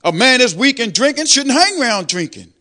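Older guy preaching, high voice, swoops all over the place, gets loud on the praise parts. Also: fairly quick. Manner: animated preaching, swells loud on praise lines. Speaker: lay preacher. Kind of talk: sermon testimony.

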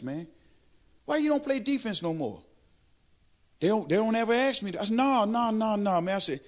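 An older man preaches from his own life. His high voice leaps up and down, and it swells loud on the praise lines. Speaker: lay preacher. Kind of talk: sermon testimony.

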